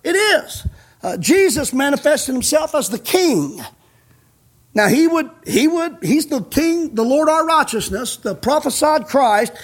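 A male pastor preaching a fiery sermon, emphatic and scolding, rising to shouts. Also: very high-pitched, animated, a little slow.

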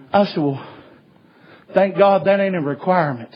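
A man preaching a sermon, telling a story in a folksy way and swinging from hushed tones to shouts. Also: high-pitched, moderate pace, long pauses, breathy edge. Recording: dull lo-fi recording.

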